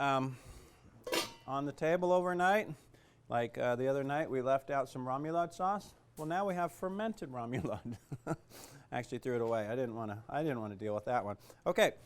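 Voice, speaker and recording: A man's voice: medium pitch, clean tone. A man teaching a cooking class in a kitchen, chatty and joking, with lots of fillers. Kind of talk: casual cooking demonstration.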